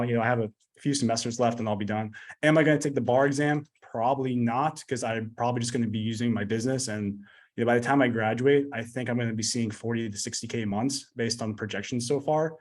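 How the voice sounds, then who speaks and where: A man's voice: mid-range voice, brisk. A man in his thirties, a podcast guest talking bluntly and profanely, rambling with lots of fillers. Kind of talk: casual podcast interview.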